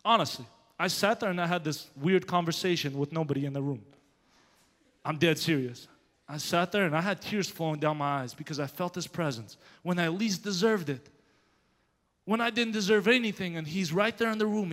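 A man pastor giving a sermon with a personal story, animated and growing loud as he tells of his anger. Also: a little high, moderate pace. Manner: animated, grows loud when telling of anger. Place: church sanctuary. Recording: long hall reverb.

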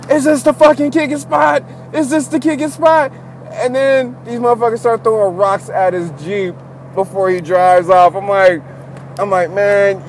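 A man's voice: high voice, a little hiss or hum. A young man telling a rambling, profane story in casual chat, sitting in a car.

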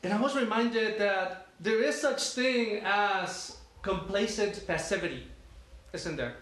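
A man's voice: high voice, slow, fairly bright tone. A man delivering a sermon, with conversational storytelling and frequent rhetorical questions. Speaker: pastor. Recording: very echoey room, faint ambience.

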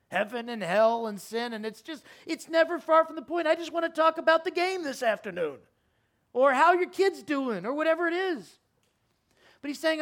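A pastor delivering a sermon to his congregation in a church sanctuary. His voice swings from fervent, raised urgency down to a low, hushed intensity. He uses a wide, lively range of pitch and loudness. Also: normal speed. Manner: impassioned, rising and falling, drops to a quiet earnest plea.

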